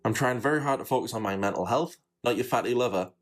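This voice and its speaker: A man's voice: mid-range voice, fast talker. A man giving casual, sarcastic reaction commentary with dry jokes.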